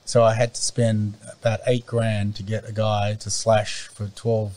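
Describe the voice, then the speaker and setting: Male interview guest, low voice, casual and meandering, patchy remote mic. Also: monotone, unhurried, a little mellow. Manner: rambling, many fillers and restarts. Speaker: interview guest, farm owner. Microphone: remote call mic, cutting in and out.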